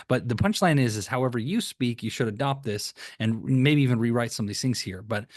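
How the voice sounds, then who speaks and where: A man's voice: medium pitch, fairly quick, no room sound, clean studio sound. A man coaching on sales calls in a loose, conversational way, often restarting words and acting out sample lines. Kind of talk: conversational teaching with screen share.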